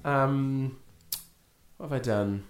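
A man's voice: medium pitch, slow, reverberant, faint music behind. A man co-hosting a podcast in casual chat, hesitant and full of ums. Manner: chatty, hesitant with many ums. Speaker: podcast co-host.

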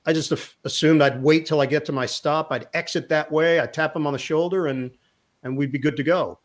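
A middle-aged man and sports broadcaster, a guest telling a lively anecdote in an interview, acting out the lines of the people in his story. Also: on the high side, a little fast. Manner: lively anecdote teller who acts out quotes.

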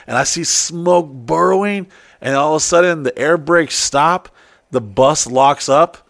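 A man's voice: on the high side, moderate pace, no room sound, studio quality. A man telling a wild story in casual chat, swearing freely and acting out what people said. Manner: profane, excitable, acts out quotes.

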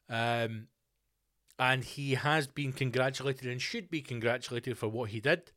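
A man's voice: mid-range voice, normal speed, fairly bright tone. A man hosting a podcast, ranting in a profane, rambling comic monologue. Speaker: podcast host.

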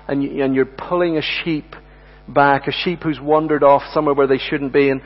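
A man preaching a sermon, earnest and emphatic, addressing the congregation as friends and slowing down to repeat key words. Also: on the high side. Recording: dull sound with long hall reverb and mains hum.

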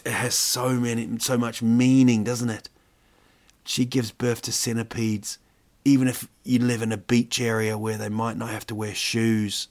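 A man's voice: mid-range voice, flat delivery, unhurried. A man hosting a casual comedic monologue, joking and rambling with many fillers.

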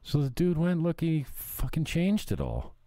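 A man's voice: fairly high pitch, huge pitch swings, a little slow, dark tone, no room sound. A man ranting bluntly on a livestream, swearing and mocking people as he chats. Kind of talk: profane ranting chat.

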